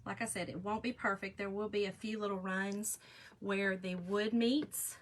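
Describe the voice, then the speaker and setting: A woman's voice: mid-range voice, flat delivery, normal speed. A middle-aged woman, chatting and rambling to viewers while she crafts on a live stream. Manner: chatty, rambling, laughs often, talks to viewers directly. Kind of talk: casual chat while crafting.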